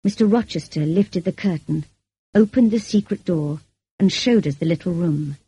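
Low, husky woman reading an audiobook. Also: no room sound. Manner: measured, even. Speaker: narrator.

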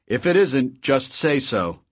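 A man's voice: medium pitch, big pitch swings, takes it slowly, slightly rough, dry recording, studio quality, pitched above the performer's own voice, heavily acted. A man reading an audiobook, voicing a courteous old game creator who speaks politely.

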